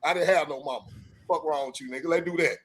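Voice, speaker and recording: Loud-mouthed guy cussing and hyping, high voice, fast. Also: breathy edge. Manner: brash, cursing, hyped trash talk. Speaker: show regular. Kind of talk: casual chat on a live stream.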